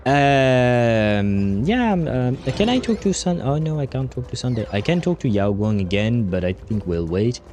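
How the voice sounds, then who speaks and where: Brief: male streamer, casual live commentary, very animated pitch swings, chatty and jokey. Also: normal speed, hardly any pauses, soft background music. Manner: chatty, laughs often, occasional swearing, sudden bursts. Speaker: livestream host playing a game.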